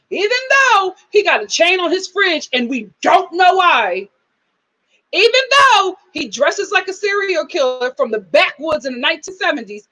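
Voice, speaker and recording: A woman's voice: sits high, bright, forceful tone, rough recording. A woman hosting a live reality-TV review in a casual chat style, sassy and emphatic, scolding the people she discusses. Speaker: show host.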